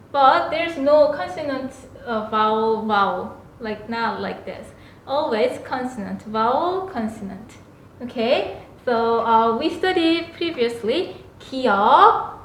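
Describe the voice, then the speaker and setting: A woman with a Korean accent, a native Korean speaker teaching a beginner language lesson and repeating syllables with sharp emphasis. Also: sits high, reverberant, a little hiss or hum.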